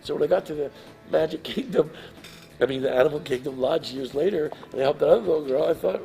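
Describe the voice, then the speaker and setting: Gravelly-voiced man telling a story. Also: on the high side, fast, soft background music. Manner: animated, emotional, swings loud and quiet. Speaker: guest storyteller. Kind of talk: live storytelling talk.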